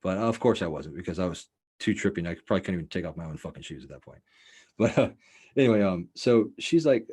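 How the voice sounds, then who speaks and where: A man's voice: low voice, animated, fast talker, a little mellow, husky. A man hosting a podcast, telling a rambling, profane story in a loose, casual way and filling it with "like" and "you know.". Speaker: podcast host.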